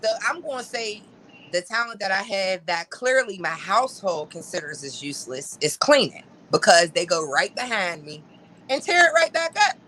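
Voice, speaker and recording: Bright-voiced wry woman. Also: on the low side, animated, normal speed, low-quality recording. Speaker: panelist. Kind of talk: casual panel chat.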